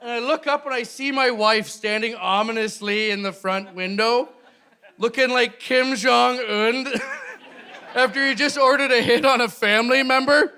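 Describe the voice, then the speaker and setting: Bright-voiced, high-pitched stand-up comedian. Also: male voice, moderate pace, smooth, some chatter behind. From Canada. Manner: animated, jumps into loud shouted bits. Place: live comedy venue with audience.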